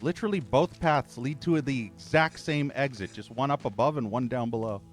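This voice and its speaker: A man's voice: medium pitch, moderate pace, faint music behind. A man streaming a video game, complaining and cursing as he plays. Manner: irritated, cursing, ranting. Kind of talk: gameplay commentary.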